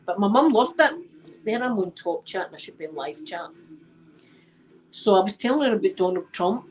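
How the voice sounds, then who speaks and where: A woman's voice: medium pitch, animated, normal speed, rough recording. A Scottish woman chatting casually to her livestream viewers from home on her phone, rambling and repeating herself. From Scotland. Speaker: livestream host. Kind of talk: casual chat.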